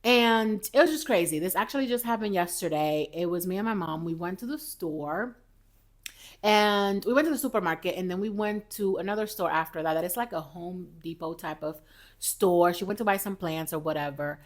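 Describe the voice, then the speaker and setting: A woman hosting a casual motivational podcast. She is chatty and lively, talks straight to her viewers and sips coffee as she goes. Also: on the low side, moderate pace. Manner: sips coffee while talking. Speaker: podcast host.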